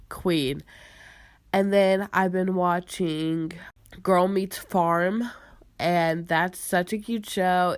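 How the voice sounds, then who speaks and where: Slow, gushing young woman podcaster. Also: fairly low pitch, smooth, no echo. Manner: gushing, filler-heavy, giggly. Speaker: podcast host. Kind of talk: casual chat.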